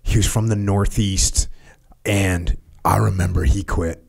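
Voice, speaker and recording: Animated, laughing middle-aged host. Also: male voice, deep voice, measured pace, vocal fry. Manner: animated, laughing, swearing freely. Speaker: podcast host, former Navy SEAL. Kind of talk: casual conversation.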